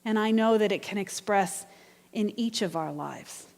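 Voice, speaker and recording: In a church sanctuary with a large-hall sound, a guest minister preaches earnestly and conversationally, weaving in personal stories. Her voice is medium-pitched, a little slow, creaky, and somewhat dark.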